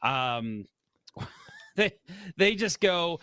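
A man's voice: a little high, normal speed, no room sound. A man co-hosting a casual hockey podcast, swearing freely and acting out his rants. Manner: animated, swearing, acts out rants. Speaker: podcast co-host.

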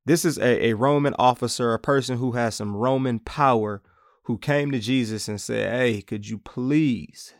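A man leads an informal Bible teaching for his podcast, speaking in a relaxed, chatty way. His voice sits at a middle pitch. The recording is dry, with no room echo. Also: moderate pace. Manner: casual, conversational, acts out quotes playfully.

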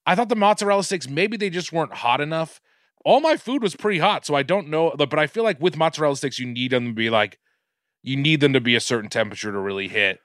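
A man's voice: fairly high pitch, animated, fast talker, a bit bright, dry recording, clean studio sound. A man co-hosting a podcast, telling rambling food stories in casual chat and swearing freely. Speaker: podcast co-host.

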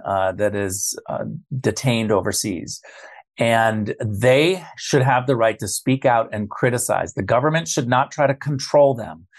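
A man makes his case as a guest on a political talk show. He talks forcefully, leans on repetition to drive points home, and his voice sits at an ordinary middle pitch. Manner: forceful, emphatic, repeats key phrases.

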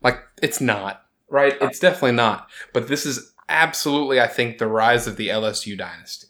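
Male podcast host, mid-pitch, rambling and animated, casual sports chat. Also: brisk. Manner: rambling, animated, self-interrupting.

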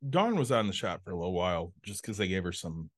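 A man's voice: low-pitched, big pitch swings, quick pace. A man co-hosting a podcast in casual chat, telling blunt stories and swearing freely. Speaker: podcast co-host.

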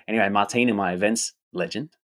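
A man talking about his upcoming event in an energetic, casual monologue, often repeating himself, swearing and tagging "right?" on his lines. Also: fairly low pitch, fast. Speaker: event host and rapper.

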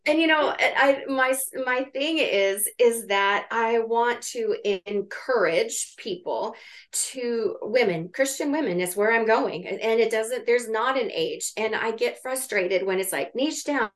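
A woman's voice: a little high, expressive, unhurried. Earnest woman talking with urgency. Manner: earnest and urgent, thinking aloud. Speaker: coach in training. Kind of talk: live coaching conversation.

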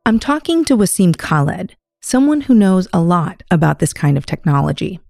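A woman guest-hosting a news podcast, narrating a script in a measured, explanatory way and putting questions to her guest. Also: fairly low pitch, big pitch swings, creaky, a little mellow, no echo, studio quality, soft background music.

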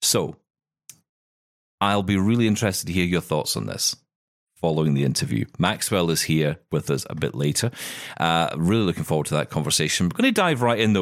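A male podcast host with a low voice and a lively, bouncing delivery. He talks in an upbeat, jokey, chatty manner, recorded dry and close. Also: fairly quick, no echo, soft background music. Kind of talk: casual tech chat. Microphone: studio mic.

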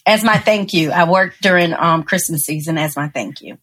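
A woman, a podcast guest telling a personal story with lively acted-out quotes and frequent laughter. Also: lowish voice, normal speed. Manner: animated storyteller, acts out quotes, laughs often. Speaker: podcast guest, engineer and speaker. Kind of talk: storytelling interview.

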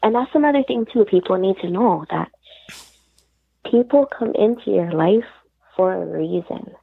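A woman's voice: mid-range voice, lively intonation, normal speed, creaky, husky, no room sound. A woman guest on a phone call, earnestly telling her story and retelling the conversations along the way. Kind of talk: personal storytelling. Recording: tinny phone line, dry.

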